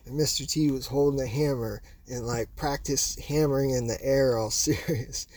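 Guy telling a story about his past, quiet low-key voice, middle pitch. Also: steady tone, normal speed, no echo. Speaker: narrator telling a personal story.

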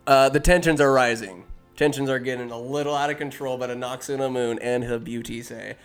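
A man's voice: medium pitch, steady tone, fairly quick, clean tone, soft background music. A man giving a rambling comic movie recap, full of jokey asides and self-interruptions.

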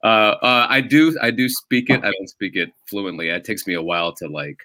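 A man's voice: on the low side, a little fast, sharp tone, dry recording. A man raised in the United States, a comedian, telling rambling stories in a casual podcast chat, often stopping and restarting. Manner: rambling, self-interrupting storyteller. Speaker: stand-up comedian guest.

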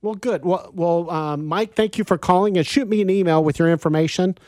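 A man hosting a call-in radio show, chatting in a relaxed, easygoing way and chuckling now and then. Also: high-pitched, brisk, no echo, clean studio sound. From Kansas. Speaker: radio host. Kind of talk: casual radio chat. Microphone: studio mic.

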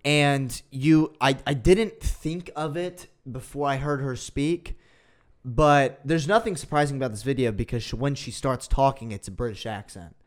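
A man's voice: mid-range voice, moderate pace. Sarcastic man hosting a podcast. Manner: sarcastic, mocking asides. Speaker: podcast host. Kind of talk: casual chat.

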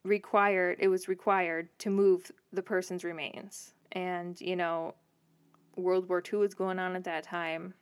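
A woman co-hosting a podcast in a relaxed, easygoing way, moving between banter and notes from her research. The recording is dry, with almost no room sound. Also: lowish voice, a little slow, clean tone, no echo. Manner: relaxed, reads history notes between chat. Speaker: podcast co-host. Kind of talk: casual chat with researched storytelling.

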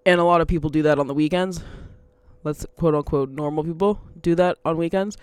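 A woman's voice: deep voice, a little fast, darkish tone, smooth, dry recording. Casual woman, chatty and unfiltered, laughs mid-sentence, dry close mic. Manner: rambling, laughs often, swears freely. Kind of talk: casual monologue.

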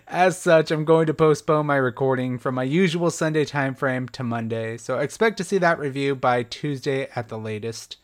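A young man hosting a solo podcast, reviewing a horror film in a casual, chatty, self-deprecating way with light laughs. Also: a little high.

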